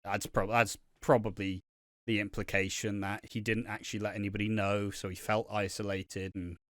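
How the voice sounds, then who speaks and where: A man's voice: on the low side, flat delivery, normal speed, no echo, studio quality. A man co-hosting a podcast, recapping scenes in a rambling way with frequent restarts. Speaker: podcast co-host. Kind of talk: casual podcast chat.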